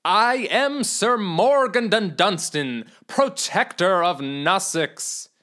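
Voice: medium pitch, lively intonation, slow, a bit bright. A storyteller voicing a boastful, oblivious young male knight in a comedy storybook, declaiming each line grandly and stretching out the words. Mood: grandiose. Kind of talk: storybook reading.

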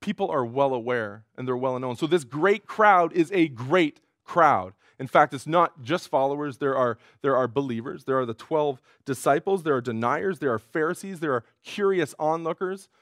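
A man's voice: a little high, lively intonation, moderate pace, few pauses, fairly bright tone, no room sound. Earnest preaching man, dry sound. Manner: earnest preaching, voice rises when quoting cries. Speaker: pastor. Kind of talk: sermon.

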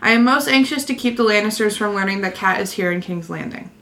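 A man's voice: high-pitched, quick pace, pushed and bright. A woman reading as a sly, sarcastic schemer. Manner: read aloud from a novel, lightly voiced.

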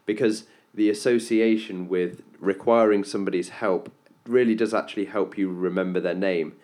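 A man's voice: deep voice, steady tone, moderate pace, darkish tone. A man co-hosting a casual podcast chat, asking questions and giving rambling advice with many restarts. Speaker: podcast co-host.

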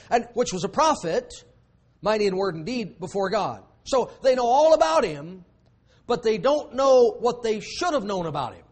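A man preaching a sermon as pastor, emphatic, with dramatic pauses and drops to a hushed voice. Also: high voice, very animated.

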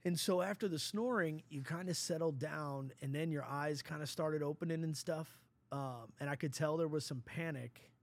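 A middle-aged man, a father, talking casually in an earnest, rambling, halting way. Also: a little high, vocal fry. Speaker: father and podcast host. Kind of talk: casual conversation.

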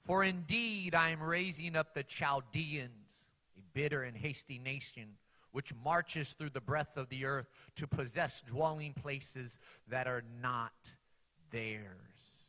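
Preacher with dramatic loud-soft swings. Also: male voice, mid-range voice, takes it slowly, in a large hall. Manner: dramatic swings from loud cries to hushed asides; addresses the congregation with questions. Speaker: pastor. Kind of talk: sermon.

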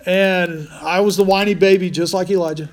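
A man's voice: high-pitched, fairly even intonation, normal speed. A man preaching a conversational sermon as pastor, restarting phrases often.

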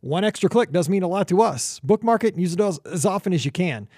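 A man's voice: high-pitched, animated, darkish tone, no echo, studio quality. A man hosting a podcast, chatting casually and joking with his co-hosts. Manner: upbeat, joking, quick asides. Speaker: podcast host.

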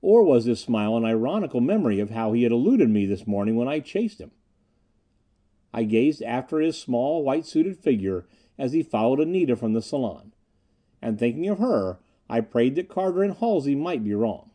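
Dark-voiced, expressive male storyteller. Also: mid-range voice, moderate pace. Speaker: audiobook narrator. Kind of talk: scripted audiobook narration.

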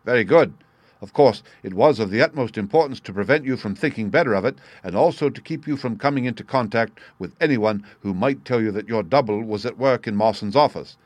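A man voicing Sherlock Holmes, crisp and explanatory. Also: on the low side, brisk, dry recording, lightly acted. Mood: explaining. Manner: crisp, explanatory, bursts of excitement. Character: sharp, brisk male detective, confident reasoner.

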